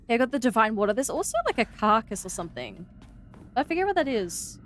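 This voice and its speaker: Chatty Australian woman, slightly high voice. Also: big pitch swings, fast, fairly bright tone, faint music behind. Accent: Australian, with slightly American-sounding R's. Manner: chatty and rambling, many "like"s. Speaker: VTuber streamer. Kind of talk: casual gameplay chat.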